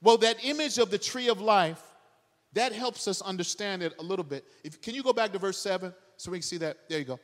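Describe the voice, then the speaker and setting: A pastor preaching a sermon to a live congregation, firing off rhetorical questions and building up to shouts. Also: male voice, high-pitched, brisk, big-room sound. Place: church sanctuary, live congregation.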